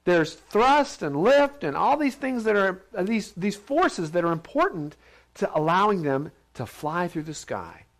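Chatty preaching man, slightly high voice. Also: very animated, measured pace. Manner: conversational, asks questions, acts out others' voices. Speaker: preacher teaching a Bible lesson. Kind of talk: informal sermon to a group. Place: large steel building.

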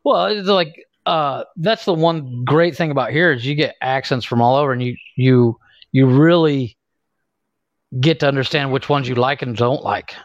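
A man's voice: medium pitch, normal speed, dry recording. A man with an Ohio accent, chatting casually on a podcast and laughing at his own stories. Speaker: podcast guest. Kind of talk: casual chat. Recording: dull, dry lo-fi sound.

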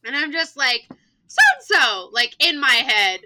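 A young woman, a teacher, telling a classroom story in animated casual chat, swearing freely and acting out the voices. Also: sits high, normal speed, rough recording. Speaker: elementary school teacher and podcast player.

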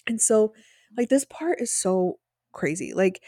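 A woman co-hosting a podcast, chatting casually as she recaps an episode. Her voice sits at a middle pitch, and she acts out quotes with animated energy. The sound is dry and close. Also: unhurried, dry recording. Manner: chatty, animated retelling with acted quotes and laughs. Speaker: podcast co-host.

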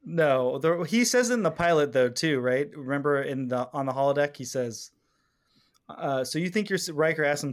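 A man in his forties co-hosting a casual chat podcast, animated and laughing often as he quotes lines. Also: mid-range voice, fairly quick. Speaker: podcast co-host.

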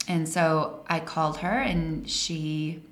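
A woman in her forties from Colorado tells personal stories in a casual, animated way. Her voice is lowish with plenty of gravel. The room is echoey with a faint hiss behind. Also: slow pace. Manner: animated, laughs through stories. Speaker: guest. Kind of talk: casual storytelling interview. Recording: roomy echo, faint hiss.

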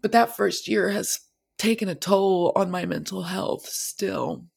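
A woman's voice: mid-range voice, unhurried, vocal fry, darkish tone, slightly rough. A young woman hosting a podcast, speaking candidly and emotionally in a personal monologue, swearing freely. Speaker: podcast host.

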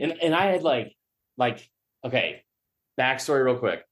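A man's voice: medium pitch, animated, a little slow, pauses often. A man sits in as a podcast guest and spins a long story. He rambles, restarts, swears freely and laughs at himself along the way. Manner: rambling, self-mocking, profane. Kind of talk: storytelling in casual chat.

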